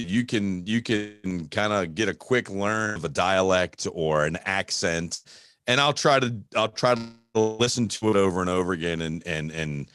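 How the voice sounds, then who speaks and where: A man who narrates audiobooks, talking casually as a guest with halting restarts. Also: sits low, a bit bright, clear, resonant tone. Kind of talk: casual chat.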